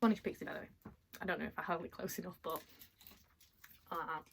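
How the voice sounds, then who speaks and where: A woman chatting casually as she unboxes items at home, excitable and quick to laugh. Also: on the low side, vocal fry, slight background noise. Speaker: vlogger. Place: at home, in a bedroom.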